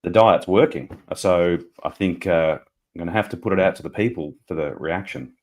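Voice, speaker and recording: A man's voice: low voice, moderate pace, a little mellow. A middle-aged Australian man calling in to a live fan show, chatty and joking with a laugh. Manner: chatty, laughs often, jokey. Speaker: caller. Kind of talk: casual call-in chat.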